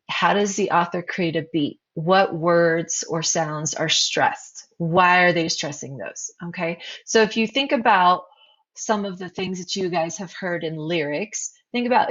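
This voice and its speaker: Low-voiced woman teacher, lo-fi recording. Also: fairly bright tone, slightly rough. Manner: explanatory, poses questions to students. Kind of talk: recorded slideshow lesson.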